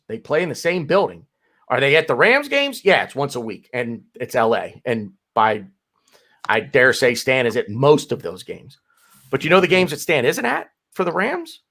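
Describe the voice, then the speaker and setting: Animated American man, lively pitch. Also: gravelly, breathy edge. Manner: animated, with frequent restarts and repeated words. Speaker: podcast co-host. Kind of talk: casual podcast chat.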